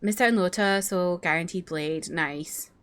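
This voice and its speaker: A woman's voice: lowish voice, a little slow, fairly bright tone, smooth. A young woman streaming a game, chatting with viewers in a bubbly, casual way, full of likes and laughs. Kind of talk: casual chat.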